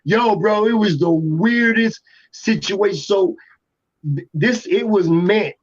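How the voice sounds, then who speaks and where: A music producer from Atlanta telling a rambling story in a casual interview, full of restarts and fillers. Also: male voice, sits high, slow pace. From Atlanta, USA. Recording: dull lo-fi podcast audio.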